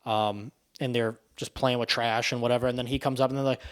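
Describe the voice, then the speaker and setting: A man's voice: mid-range voice, fairly even intonation, a little fast, clear, resonant tone. A man giving a casual spoken movie review, rambling and swearing in a loose, offhand way.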